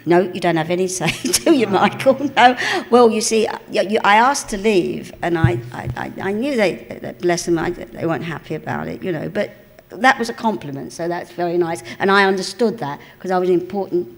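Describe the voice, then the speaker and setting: An older woman with an East End London accent speaks in a live stage interview. Her voice sits low, and she tells her stories in a chatty, lively way, laughing often. The recording carries the long reverb of a cinema auditorium. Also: moderate pace. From England. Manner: chatty, animated storyteller, laughs often, calls people darling. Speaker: interview guest.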